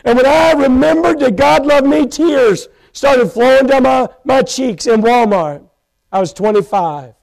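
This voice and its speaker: A man preaching a sermon from a church pulpit, telling his own story with passion, breaking into shouts and slowing down to stress his points. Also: very high voice, gravelly, poor audio. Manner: impassioned, bursts into shouts, slows for emphasis. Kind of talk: sermon testimony. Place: church pulpit, live stream.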